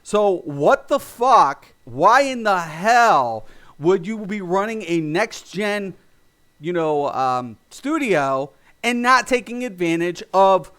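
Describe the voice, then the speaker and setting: Male streamer, high voice, heated profane rant, lots of false starts. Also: big pitch swings, slow, fairly bright tone. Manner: heated, profane, rambling with restarts. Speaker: gaming streamer. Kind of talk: ranting livestream commentary.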